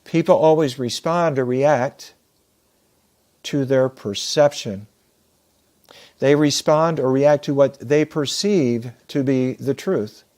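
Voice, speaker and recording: A man speaking in an earnest, measured way, like a motivational speaker telling a story. His voice sits at an ordinary middle pitch, and he draws out key words for weight. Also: a little mellow. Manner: measured, earnest, slows down for emphasis. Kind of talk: storytelling talk.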